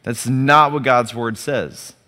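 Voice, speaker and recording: Speaking slowly at a medium pitch with a sharp tone, a pastor delivers a sermon in a large hall. He keeps it conversational, asking rhetorical questions and calling on the congregation to respond.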